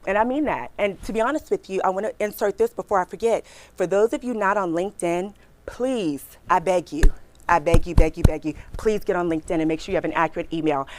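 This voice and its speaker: A middle-aged woman recruiter giving a lively career workshop, talking fast and chatty and asking her audience questions. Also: lowish voice, slight background noise.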